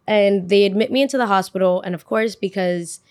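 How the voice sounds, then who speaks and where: A woman's voice: mid-range voice, a little fast, darkish tone, no room sound. Young woman host, casual storyteller, chatty and dramatic, dry close mic. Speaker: podcast host.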